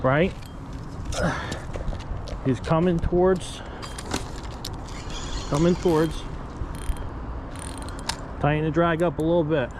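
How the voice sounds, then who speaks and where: A man's voice: a little high, steady tone, takes it slowly, long pauses, background noise. A man filming himself fishing outdoors on a riverbank, talking viewers through landing a fish and calling them guys. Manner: addresses viewers as guys, coaching and explaining. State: out of breath. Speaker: fishing vlogger. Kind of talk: live play-by-play commentary.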